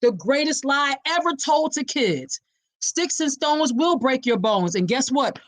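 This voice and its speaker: A woman host speaks in a fairly high voice that swoops up and down, close to the mic in a dead-dry room. She talks in a preachy, direct way and calls her listeners y'all. She hits key words hard and leaves pauses for effect. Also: animated, no echo. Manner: dramatic pauses and punchy emphasis. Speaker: podcast host. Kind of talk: emphatic awareness podcast monologue.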